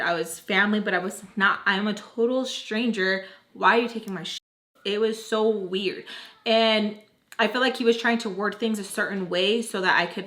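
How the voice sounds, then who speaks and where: Bright-voiced young woman telling a story. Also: mid-range voice. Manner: animated, acts out quoted dialogue; casual slang and swearing. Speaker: vlogger. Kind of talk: storytime narration.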